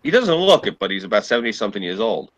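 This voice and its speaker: A man's voice: fairly low pitch, very animated, racing, muffled recording. A man telling long, rambling stories in a casual group chat, swearing freely. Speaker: podcast co-host.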